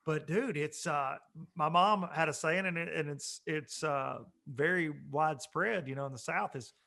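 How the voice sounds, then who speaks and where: A male podcast co-host who jokes and spins long, loose stories in a relaxed chat. His voice is high and bright. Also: creaky. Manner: joking, drawn-out storytelling.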